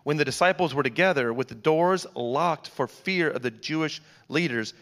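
A man's voice: fairly high pitch, normal speed, a bit bright. Man reading scripture in a reverberant church. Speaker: scripture reader.

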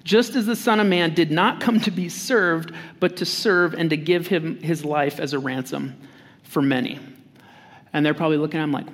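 A man's voice: on the high side, moderate pace, a bit bright. A man giving a conversational, humorous sermon as a pastor, acting out quotes in different voices. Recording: hall reverb.

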